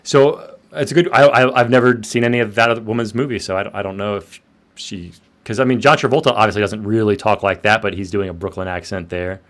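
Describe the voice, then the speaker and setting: A man in a casual movie discussion, thinking aloud with an animated voice whose pitch jumps up and down. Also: quick pace.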